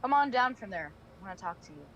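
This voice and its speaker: A woman voicing a firm, caring young female vigilante in a live fan audio drama read, teasing at times and softly concerned. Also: medium pitch, sing-song, fast talker, lo-fi sound, a little hiss or hum. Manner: teasing then soft and concerned.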